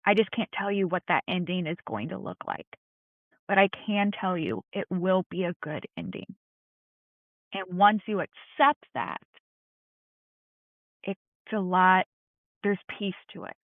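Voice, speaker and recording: A woman's voice: fairly low pitch, animated, measured pace, pauses often, no room sound. Podcast guest: woman, earnest and encouraging, over a dry, tinny phone-like line. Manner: earnest, encouraging, plain-spoken. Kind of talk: candid heartfelt conversation.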